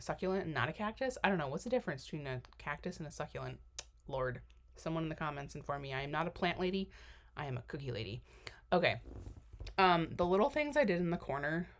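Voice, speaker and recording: A young woman giving a casual, rambling voiceover for a cookie decorating tutorial, full of fillers and self-deprecating asides. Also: low voice. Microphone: voiceover mic.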